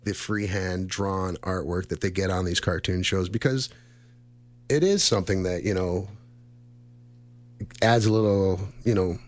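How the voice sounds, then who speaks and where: A man's voice: sits low, steady tone, measured pace, pauses often, no echo. A man in his thirties co-hosting a radio show, chatting casually in a rambling, friendly way and laughing often. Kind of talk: casual chat.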